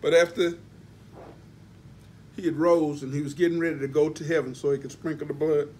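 A male pastor delivers an emphatic, folksy sermon. His voice sits high for a man, and he leans into words to drive each point home. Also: flat delivery, fairly quick, a little mellow, slight background noise. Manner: emphatic preaching with spelled-out words and folksy asides.

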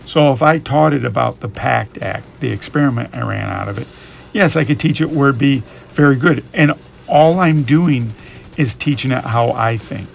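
A man's voice: mid-range voice, normal speed, vocal fry, slight background noise. A man giving rambling, reflective commentary while playing a game, thinking aloud as he goes. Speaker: gaming YouTuber. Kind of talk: casual musing commentary over gameplay.

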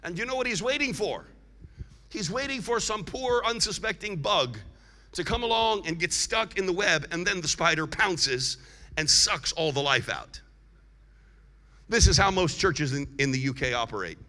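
A man preaching a sermon as guest evangelist, leading the congregation in call-and-response and building to loud, emphatic shouts. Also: high voice, expressive, moderate pace. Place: large church hall. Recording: long hall reverb from a large church.

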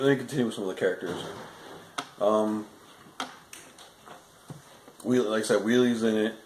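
A man's voice: lowish voice, echoey room, slight background noise, poor audio. A man giving a casual, rambling spoken movie review, often restarting sentences and adding frustrated asides.

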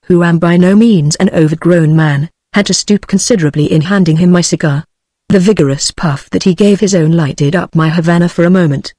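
A text-to-speech woman's voice with a British English accent, reading a gothic short story aloud in an even, measured way. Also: on the low side, no room sound, clean studio sound. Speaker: audiobook narrator. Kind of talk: synthetic audiobook reading.

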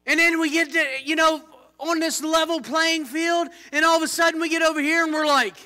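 A man preaching a fervent church sermon, swinging between low, intense warnings and loud shouted exclamations. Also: little pitch movement, a little fast. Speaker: pastor.

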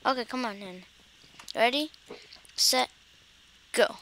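A woman chatting casually while gaming with a friend, chatty and quick to apologize. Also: on the high side, fairly bright tone. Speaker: gamer.

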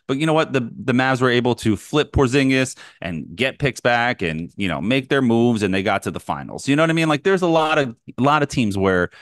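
A man co-hosting a sports podcast, excitedly ranting as a hyped fan, tired and short on sleep. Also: medium pitch, no room sound, studio quality. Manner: excited, ranting, fast bursts. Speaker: podcast co-host, Knicks fan. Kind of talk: casual sports chat.

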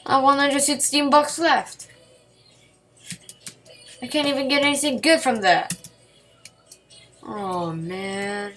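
A woman giving casual gameplay commentary at her home computer at night, excitable, yelping and repeating words when she panics. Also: high voice, takes it slowly, long pauses, faint music behind.

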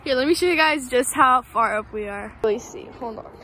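A young woman chatting casually as a skate vlogger, bubbly and talkative, filming outdoors on a handheld phone near a loud road. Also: sits high, brisk, slight background noise. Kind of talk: casual vlog narration.

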